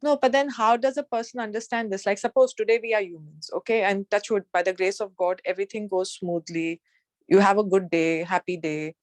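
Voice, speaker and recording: A woman's voice: mid-range voice, steady tone, brisk, dry recording. Woman, class participant, probing questions, dry close sound. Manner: questioning, mixes in Hindi phrases. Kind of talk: questions in a discussion.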